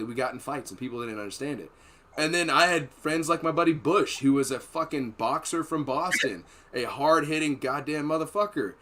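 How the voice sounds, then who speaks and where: A man's voice: a little high, pushed and bright. A man hosting a podcast, telling long profane stories in a rambling, casual way and laughing between them. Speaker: podcast host. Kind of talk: casual storytelling chat.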